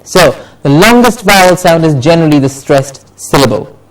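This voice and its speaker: A man teaching English word stress, slowly repeating each example word for the class to say along. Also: on the high side, lively intonation, far from the mic, low-quality recording. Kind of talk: classroom lesson with drills.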